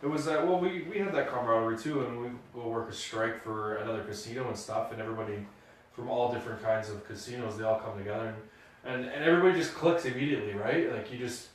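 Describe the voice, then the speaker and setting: A man chatting casually on a podcast, an animated storyteller who throws himself into each quote. He sounds set back from the mic. The room around him is very echoey. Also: medium pitch, quick pace, slight background noise. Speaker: podcast co-host. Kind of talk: casual chat. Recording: roomy echo, mic at a distance.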